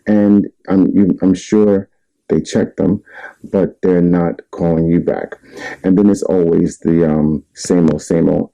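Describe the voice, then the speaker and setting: Man, relationship advice vlog, low pitch, very dark tone, candid, rambling. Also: gravelly, rough recording. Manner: candid, rambling, self-mocking, laughs at himself. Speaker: vlogger giving relationship advice. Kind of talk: casual monologue.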